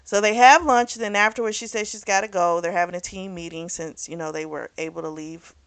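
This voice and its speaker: Woman, book club host, lowish pitch, close dry mic, loose rambling recap full of filler words. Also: fairly even intonation, a little fast, fairly bright tone, smooth, dry recording. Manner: chatty, rambling, full of "like" and "you know"; self-correcting, loses track of names.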